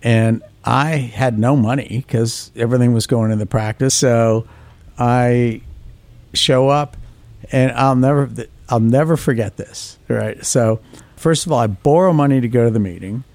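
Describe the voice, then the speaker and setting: A man of ordinary pitch recounting his career in a podcast interview. He tells stories with animation and mimics the people in them. The recording is close and dry. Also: a little slow, no room sound. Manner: animated anecdotes, acts out quoted voices. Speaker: orthodontist guest.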